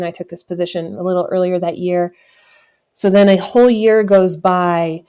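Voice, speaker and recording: A woman in her thirties from the United States speaks in a slightly low voice as a podcast guest. She tells a personal story candidly and reflectively, often breaking off to correct herself and laughing now and then. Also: darkish tone. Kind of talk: conversational storytelling.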